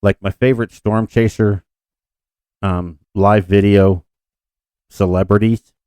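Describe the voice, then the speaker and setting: A man's voice: lowish voice, steady tone, slow, warm tone, clean tone, dry recording. A man co-hosting a podcast in casual chat, rambling and self-deprecating with frequent restarts. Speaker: podcast co-host.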